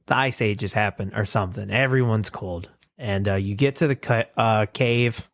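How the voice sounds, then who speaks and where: A man's voice: fairly low pitch, moderate pace, no echo. A man co-hosting a podcast, casually retelling a cartoon and jumping into voices for the characters. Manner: animated retelling, acts out lines. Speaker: podcast co-host. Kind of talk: casual chat, recapping a cartoon.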